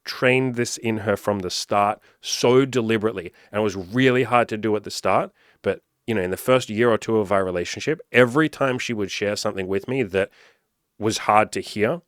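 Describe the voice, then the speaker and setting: A man's voice: on the low side, a little fast, no echo, studio quality. A young adult man coaching casually, blunt and full of swearing and "like" fillers. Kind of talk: casual advice monologue.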